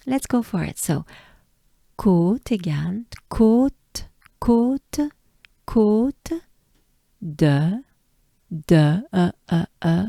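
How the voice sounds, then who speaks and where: A woman from France with a French accent, patiently teaching pronunciation and repeating each sound slowly. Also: medium pitch, animated, creaky, warm tone, dry recording, studio quality. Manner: patient, drills words by repeating them. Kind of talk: slow pronunciation lesson.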